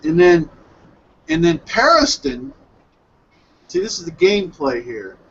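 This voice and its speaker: A man hosting an online hangout, excitedly recapping an anime episode in a rambling, self-correcting way over a headset mic on a video call. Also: sits high, measured pace, gravelly, dull audio, a little hiss or hum. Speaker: hangout host reviewing anime. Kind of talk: casual group hangout chat.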